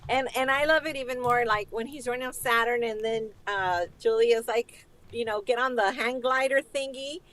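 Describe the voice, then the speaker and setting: A woman's voice: a little high, normal speed, hardly any pauses, a bit bright. A woman co-hosting a casual live film review, gushing about favorite scenes and laughing often. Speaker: podcast co-host.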